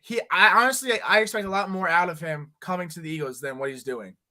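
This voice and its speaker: A man on a sports podcast, talking bluntly and heatedly with halting restarts. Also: high voice, bright, forceful tone. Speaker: podcast co-host. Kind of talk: casual sports podcast chat.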